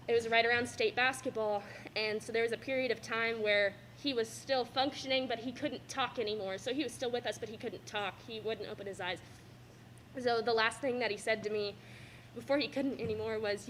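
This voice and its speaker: A woman's voice: on the high side, a bit bright, slight background noise. A young woman giving an emotional thank-you speech in a school cafeteria, fighting back tears and laughing nervously between sentences. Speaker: student athlete giving a farewell speech.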